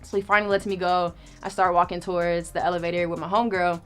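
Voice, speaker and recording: Fast-talking young woman telling a story. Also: lowish voice, soft background music. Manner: animated, profane, acts out quoted lines. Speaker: storyteller guest. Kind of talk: casual storytelling.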